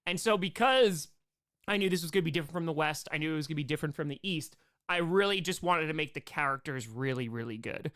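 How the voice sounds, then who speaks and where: Chatty excitable young man, smooth voice. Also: fairly high pitch, fast, no room sound, clean studio sound. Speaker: live stream host. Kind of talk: casual live stream chat.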